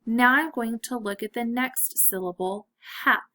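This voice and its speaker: Slow-speaking woman teaching phonics. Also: fairly high pitch, sharp tone. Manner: slow, clear, encouraging teacher talk. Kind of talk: phonics lesson for children.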